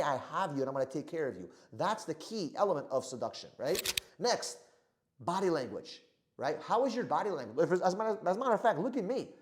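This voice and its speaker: A man giving a motivational sales talk to camera, energetic and gesturing, often checking in with "right?". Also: high voice. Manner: energetic, animated delivery with frequent "right?" check-ins; moves hands and body while talking. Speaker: sales trainer.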